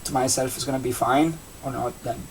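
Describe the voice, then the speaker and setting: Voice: medium pitch, fairly even intonation. Rambling young adult with an Italian accent. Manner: rambling, halting, with many restarts and fillers. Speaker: vlogger, seasonal campsite entertainment worker. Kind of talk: casual vlog chat. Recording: distant mic with faint background noise.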